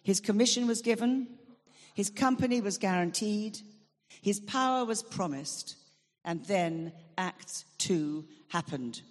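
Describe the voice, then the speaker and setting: A woman preacher giving a lively, humorous sermon at an outdoor festival, building to loud emphatic proclamation. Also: medium pitch, slow, long reverb tail.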